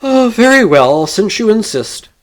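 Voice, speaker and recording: A man doing a soft-spoken refined young dandy. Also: on the high side, big pitch swings, moderate pace. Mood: weary. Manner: gentle, refined, sighing. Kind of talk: storybook reading.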